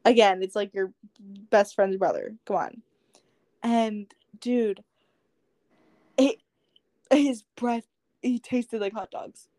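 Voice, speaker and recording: A woman's voice: medium pitch, expressive, slow pace, long pauses, warm tone, dry recording, studio quality. A young woman co-hosting a podcast, telling a story in casual chat and acting out the dialogue. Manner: chatty storyteller, acts out dialogue, many "like"s. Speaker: podcast co-host.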